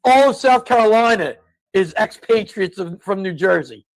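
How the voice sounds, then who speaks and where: A man's voice: high voice, lively intonation, moderate pace, no room sound, poor audio. A man co-hosting a casual podcast, telling stories and ranting in exasperated bursts. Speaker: co-host.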